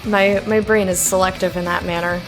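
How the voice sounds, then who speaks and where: A woman's voice: medium pitch, fairly even intonation, fairly quick, over music. A woman streaming live, chatting casually and laughing hard and often. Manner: chatty, reads and answers chat.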